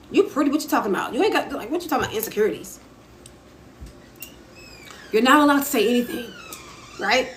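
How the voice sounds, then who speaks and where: A woman's voice: fairly high pitch, a bit bright. A young woman talking casually to viewers on a live stream, answering their comments as she goes. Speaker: author and live-stream host. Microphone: phone. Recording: echoey room with faint ambient noise.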